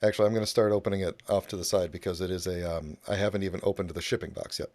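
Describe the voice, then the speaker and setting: A man's voice: deep voice, steady tone, rapid-fire, darkish tone. A man co-hosting a casual geeky stream in an easygoing, self-described timid manner. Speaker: podcast co-host. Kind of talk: casual chat.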